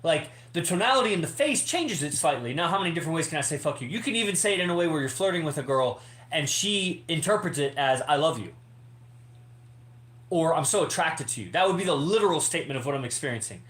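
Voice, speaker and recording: A man's voice: fairly high pitch, animated, fast talker, fairly bright tone. A man hosting a podcast, talking in an emphatic, rambling way, swearing freely as he lectures his members. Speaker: podcast host. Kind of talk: casual monologue to members. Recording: echoey room.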